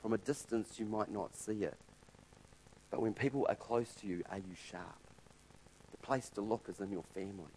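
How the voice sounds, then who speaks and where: A man preaching a sermon in a conversational way, retelling a parable with loud, lively stretches and quiet, soft points of emphasis. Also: fairly low pitch, slight background noise, rough recording.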